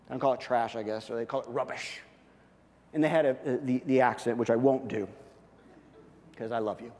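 A male pastor preaching, telling a story with lots of restarts and animated asides. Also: medium pitch, brisk, long pauses. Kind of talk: sermon with storytelling. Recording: long hall reverb.

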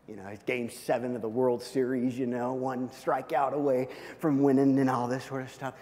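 A man preaching through a story, lively at times and dropping to a hushed near-whisper at the tender moments. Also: mid-range voice, moderate pace, few pauses. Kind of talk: storytelling sermon. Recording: long hall reverb.

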